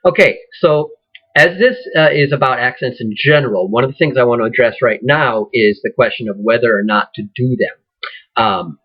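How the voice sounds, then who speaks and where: Guy teaching acting, husky voice, lots of ums and restarts, kinda muffled lo-fi audio. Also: mid-range voice. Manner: rambling, with many fillers and restarts. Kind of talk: casual lecture.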